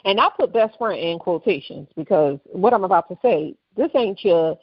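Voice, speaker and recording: A woman's voice: fairly low pitch, normal speed, husky, no echo. New lady on a podcast, telling a story and doing everyone's voices, dry dull mic. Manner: animated storyteller, acts out quoted voices. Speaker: podcast co-host. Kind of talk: casual storytelling chat. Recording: dull, slightly lo-fi dry studio sound.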